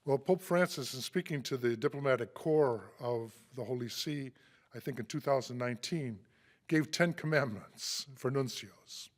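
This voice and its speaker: A man introducing a guest speaker in a formal, measured read, with a dry humorous touch. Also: medium pitch.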